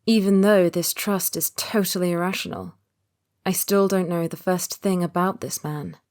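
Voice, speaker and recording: A woman with a somewhat low voice narrating a romance audiobook in the first person. Her reading is calm and measured, with an even flow.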